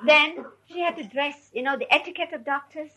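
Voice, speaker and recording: A woman recounting her memories to an audience in an animated way, often laughing as she tells. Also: high voice, a little fast, poor audio. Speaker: storyteller.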